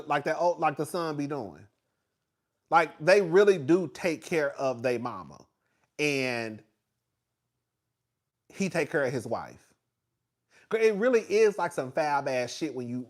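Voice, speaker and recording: A young man chatting casually and animatedly about reality TV, gossipy, full of fillers and quick laughs. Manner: animated, gossipy, filler-heavy, laughs often, swings loud and high when excited. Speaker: reality TV commentator.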